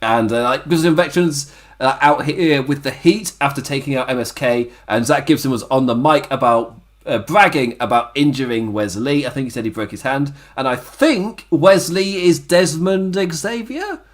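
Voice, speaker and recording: A man with a worn-out, hoarse throat, co-hosting a casual wrestling review podcast and laughing often. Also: medium pitch, normal speed. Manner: laughs often, chatty and self-mocking. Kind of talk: casual chat.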